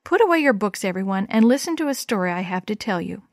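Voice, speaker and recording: A woman's voice: medium pitch, very animated, fast talker, dry recording, clean studio sound. Woman reading as a kind schoolteacher. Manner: kind, warm encouraging.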